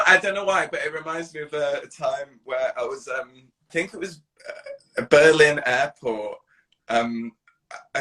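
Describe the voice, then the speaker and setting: A young man co-hosting a casual podcast chat, telling an anecdote animatedly and laughing hard along the way. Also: medium pitch. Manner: animated, slow, laughs while telling stories. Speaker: podcast co-host.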